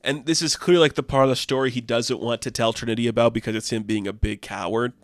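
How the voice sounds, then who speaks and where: A man giving a casual comic book recap in a rambling way, full of "like" and quick asides. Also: medium pitch, fairly even intonation, no echo. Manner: rambling, filled with "like".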